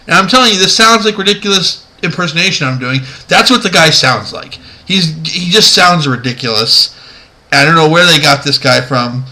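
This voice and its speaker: Man with a sharp, bright voice, talking casually and rambling as he counts down a list. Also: on the high side, expressive, moderate pace, poor audio. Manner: chatty, rambling, amused, many fillers. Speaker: vlogger ranking movie moments. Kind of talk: casual video commentary.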